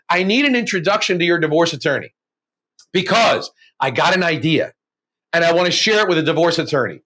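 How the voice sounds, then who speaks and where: Animated high-voiced man telling a story. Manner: animated, acts out quoted voices with laughs. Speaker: guest, mortgage broker and coach. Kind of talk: storytelling interview.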